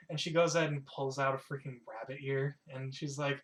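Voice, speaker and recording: A man's voice: a little high, flat delivery, fairly quick, hardly any pauses, a bit bright, rough recording. A man narrating as game master, laid-back storyteller.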